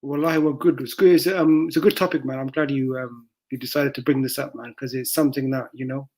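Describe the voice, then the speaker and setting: A man's voice: medium pitch, steady tone, fast talker, a little mellow, low-quality recording. A man co-hosting a casual stream chat, speaking hesitantly with many fillers and mixing in Somali words. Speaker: co-host.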